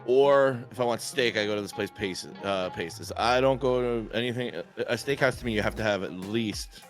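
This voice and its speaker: A man's voice: lowish voice, moderate pace, soft background music. A married man, a podcast guest chatting bluntly and jokingly. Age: adult. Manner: blunt, jokey, emphatic. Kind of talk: casual chat.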